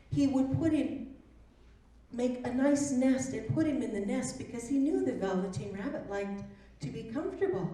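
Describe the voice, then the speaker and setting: A woman storyteller narrating a children's tale live, gentle and expressive, with a slightly high voice. She is far from the mic in a very echoey performance hall. Her pace is very slow. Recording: roomy echo from a distant mic.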